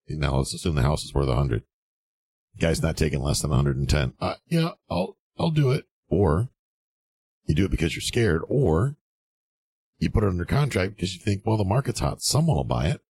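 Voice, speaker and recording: A man's voice: extremely low pitch, darkish tone, slightly rough, no room sound. A man giving blunt, sarcastic real estate advice, mocking get-rich schemes and acting out the people he quotes.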